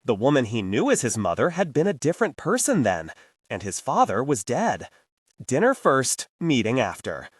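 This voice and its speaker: Male audiobook narrator, lively pitch, dry close-mic sound. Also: normal speed, slightly rough, dry recording. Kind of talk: scripted narration.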